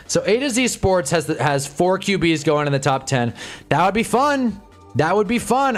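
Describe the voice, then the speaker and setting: A man with a fairly high voice hosts a live stream, chatting in a casual, sarcastic, rambling way. He stays animated, reading the chat and reacting as he goes.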